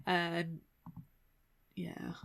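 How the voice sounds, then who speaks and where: A young British woman co-hosting a casual book podcast, chatty and animated, often slipping into mock voices. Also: on the low side, drawn-out words, creaky, no room sound. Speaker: podcast co-host.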